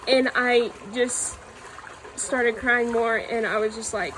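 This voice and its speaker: A woman's voice: a little high, fairly even intonation, fairly bright tone, slight background noise, rough recording. Earnest woman sharing her faith story. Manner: earnest, halting, heartfelt. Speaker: church youth member giving testimony. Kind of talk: personal testimony.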